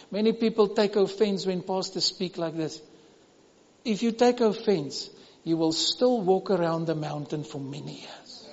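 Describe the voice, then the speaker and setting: A South African man preaches with a high, ringing voice, pressing his points over and over and sometimes sinking to a near whisper. The sound is muffled and dull, with a long echo from a large church hall. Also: unhurried. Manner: emphatic, repetitive preaching with sudden drops to a hush. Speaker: pastor. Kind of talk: sermon.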